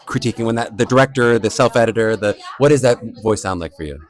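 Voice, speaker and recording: A man's voice: medium pitch, fast talker. A man hosting a podcast, interviewing students in an upbeat, encouraging way. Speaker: podcast host. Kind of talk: casual interview.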